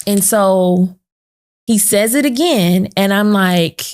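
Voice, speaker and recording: A woman's voice: mid-range voice, measured pace, gravelly, darkish tone. A woman hosting a podcast, telling an emotional personal story and acting out the voices of the people in it. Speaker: podcast host. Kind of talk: sit-down podcast conversation.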